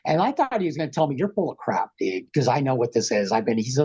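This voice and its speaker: A middle-aged man on a podcast, rambling through an animated, slangy story and acting out what people said. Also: medium pitch, fast talker, hardly any pauses, slightly rough, dull audio. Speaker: podcast guest. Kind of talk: casual storytelling.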